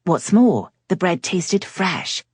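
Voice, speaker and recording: A woman narrating a romance audiobook in a measured, even storytelling manner, recorded on a close mic. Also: lowish voice, slightly rough, dry recording. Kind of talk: scripted narration.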